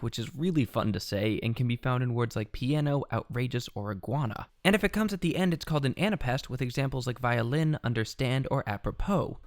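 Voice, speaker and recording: A man's voice: a little high, dry recording, clean studio sound. A man hosting a music theory lesson, giving scripted explainer narration with playful asides. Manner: lively, animated delivery with playful asides. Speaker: music educator host.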